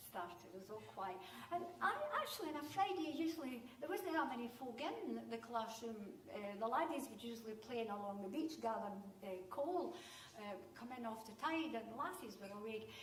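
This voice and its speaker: A Scottish woman in her sixties telling a comic story to a live audience with lively, animated delivery. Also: on the high side, a little hiss or hum. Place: conference hall. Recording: roomy hall sound, distant mic.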